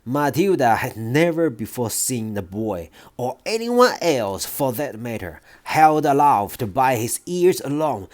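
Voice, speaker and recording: A reader narrates a children's book at an unhurried pace. The voice moves freely up and down, giving the story plenty of color. It is an expressive storytelling read. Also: medium pitch. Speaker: audiobook reader.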